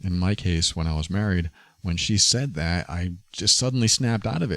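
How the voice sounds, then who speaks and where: A man's voice: deep voice, normal speed, fairly bright tone, no echo. A man hosting a podcast, talking earnestly and confessionally about his own experience. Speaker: podcast host. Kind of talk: personal reflective monologue.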